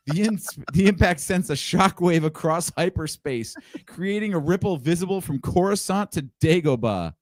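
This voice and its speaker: A man's voice: on the high side, big pitch swings, measured pace, darkish tone, no echo, clean studio sound. A man co-hosting a podcast, reading a script aloud as grand, theatrical narration. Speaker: podcast co-host.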